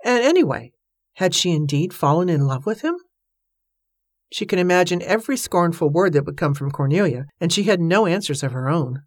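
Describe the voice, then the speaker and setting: A woman narrating an audiobook in an even, measured reading voice. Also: lowish voice, no room sound, studio quality. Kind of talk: scripted narration.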